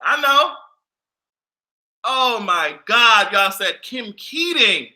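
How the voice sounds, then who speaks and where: A man giving casual pop culture commentary and reacting to a live chat, profane and loud, often bursting into laughter and shrieks. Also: very high-pitched, animated, slow.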